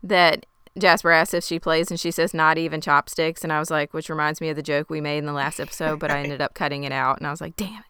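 A woman's voice: sits low, flat delivery, fast talker, sharp tone, smooth. A woman co-hosting a podcast, recapping from her notes in a wry, casual way. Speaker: podcast co-host.

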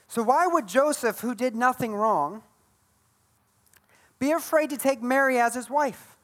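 A man preaching a sermon as a pastor, retelling Bible stories in an animated way and acting out the scenes. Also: very high voice, measured pace, pauses often.

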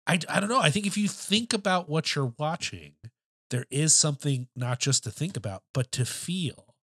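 A man's voice: on the high side, expressive, fairly bright tone, slightly rough, dry recording, clean studio sound. A man co-hosting a film podcast in casual discussion, thinking aloud with restarts and casual swearing. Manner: thoughtful, halting, many restarts and fillers, swears casually. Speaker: podcast co-host.

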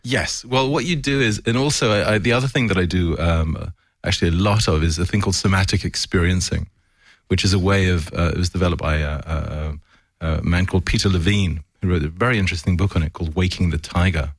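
Deep voiced guy, guest on a talk show, lots of ums and uhs, dry close mic. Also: fast, no room sound. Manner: hesitant, many fillers, laughs easily. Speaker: guest, acupuncturist and yoga teacher. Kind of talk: casual interview conversation.

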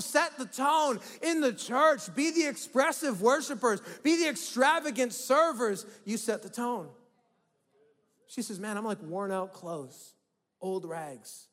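A man's voice: very high-pitched, fairly bright tone. A male pastor giving a conversational sermon in a church, acting out quoted inner voices and often repeating words. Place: church hall. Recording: long hall reverb with faint music.

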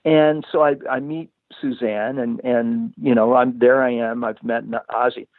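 A man's voice: mid-range voice, fairly even intonation, a little slow, no echo. A man telling a long personal story in a casual, rambling way, often restarting sentences and saying "you know". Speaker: guest telling a life story. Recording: tinny phone-line sound, dry.

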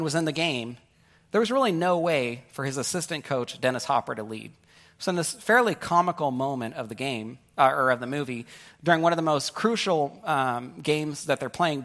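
A man with a somewhat high-pitched voice delivers a sermon as a pastor. He keeps it conversational, cracks jokes and leans on stories to make his point. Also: fairly bright tone. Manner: conversational and joking, tells stories.

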